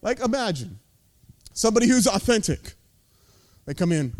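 A man's voice: high voice, big pitch swings, moderate pace, long pauses. An American man preaching a sermon as lead pastor, intense and emphatic, with casual asides.

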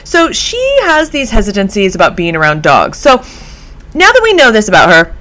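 A woman's voice: medium pitch, moderate pace. Woman chatting on her dog podcast, voice bouncing up and down a lot, tells stories with lots of laughs. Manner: chatty, animated storytelling with laughs. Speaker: dog behavior podcast host. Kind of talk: casual solo podcast. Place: home.

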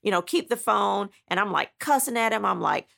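A woman with a deeply gravelly, fry-heavy voice tells her own story as an author. She is blunt and emphatic, dramatizing each step with frequent asides. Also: brisk, sharp tone. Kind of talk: animated personal storytelling.

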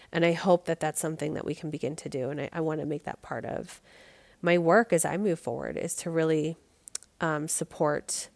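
A woman's voice: deep voice, vocal fry, no echo. A woman in her thirties hosting a solo podcast, talking candidly and conversationally with many "like" fillers. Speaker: podcast host.

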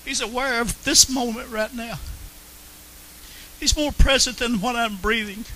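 A man shares his personal testimony with an earnest, storytelling delivery. His voice sits high and sounds strikingly bright and sharp, and he repeats phrases for emphasis. A faint hiss runs under the recording. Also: unhurried, poor audio. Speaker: Christian testimony speaker.

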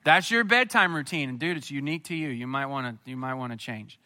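Bright-voiced preacher, a man. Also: medium pitch, fast. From Missouri, USA. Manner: storytelling, building to emphatic lively preaching. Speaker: pastor. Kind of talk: sermon.

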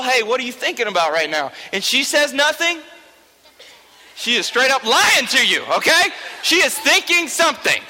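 A man's voice: extremely high pitch, sharp tone. A young man, talking to a youth group in a joking, chatty way and often checking in with "okay?". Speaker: youth teacher. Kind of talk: informal talk to a youth group. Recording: long reverb of a large hall.

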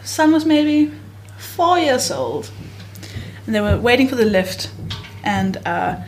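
A woman co-hosting a comedy podcast, telling stories in a casual, giggly way and bursting into shouted quotes. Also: on the high side, big pitch swings, slow pace, a little hiss or hum. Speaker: podcast co-host.

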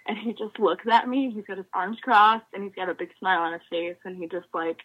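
A woman in her twenties, a former college swimmer, telling animated stories in a casual interview and acting out remembered dialogue. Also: medium pitch, a little fast, highs cut off.

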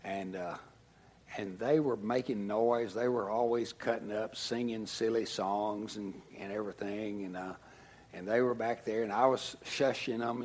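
A husky-voiced middle-aged man preaching from the pulpit. He talks at an unhurried, deliberate pace and shifts between quiet, almost whispered lines and sudden loud bursts as he tells his story. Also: lowish voice, fairly even intonation. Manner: storytelling, swings from hushed to loud. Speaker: pastor. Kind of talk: sermon.

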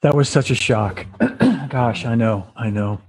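A man's voice: medium pitch, very animated, measured pace, darkish tone, slightly rough. A man hosting a casual interview over a video call, telling rambling stories with many restarts. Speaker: host.

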